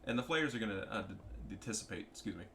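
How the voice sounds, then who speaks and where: A young man giving casual, profane, excitable commentary over his own strategy game match. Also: lowish voice, quick pace, slight background noise. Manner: profane, excitable, trash-talking. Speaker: gameplay commentator.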